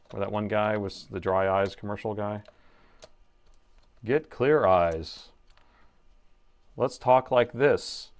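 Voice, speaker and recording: Deadpan monotone man, played by a man, flat and slow, no energy. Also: fairly low pitch.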